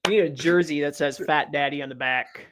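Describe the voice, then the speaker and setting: A man's voice: a little high, brisk, fairly bright tone, a little hiss or hum. A man co-hosting a live podcast, chatting casually in a playful, teasing way and laughing often. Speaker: podcast co-host.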